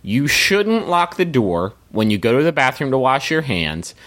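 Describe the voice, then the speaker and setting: A man's voice: mid-range voice, sing-song, normal speed, a bit bright. A man co-hosting a comedy podcast, riffing and joking with casual profanity. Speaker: podcast co-host.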